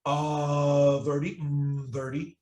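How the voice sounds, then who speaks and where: Brisk man coaching drills, echoey room. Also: a little high, little pitch movement, warm tone. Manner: brisk, prompting, repeats drill words. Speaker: speech coach.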